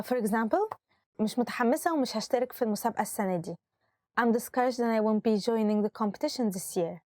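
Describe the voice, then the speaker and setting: A woman's voice: mid-range voice, darkish tone, no room sound, clean studio sound. A woman hosting a vocabulary lesson in an upbeat, instructive way. She says each word, repeats it, and gives its translation, switching between Arabic and English. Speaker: language teacher and host.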